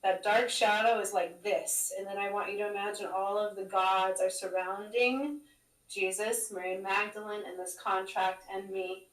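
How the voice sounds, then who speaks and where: A woman solemnly reading a spiritual scroll aloud, intoning slowly and flatly. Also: mid-range voice. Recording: echoey room, far from the mic.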